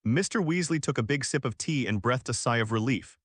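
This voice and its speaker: A man reads a fan-fiction story in a steady, even storytelling manner. His voice sits in the middle range. The sound is dry and close. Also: medium pitch, moderate pace, hardly any pauses, dry recording. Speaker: narrator. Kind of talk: reading fan fiction aloud.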